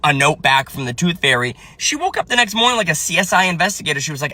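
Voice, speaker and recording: Bright, husky ranting man. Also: on the high side, expressive, racing, hardly any pauses. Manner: ranting, swears heavily, acts out his kids' voices. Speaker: comedian and parent. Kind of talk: profane comedic storytelling.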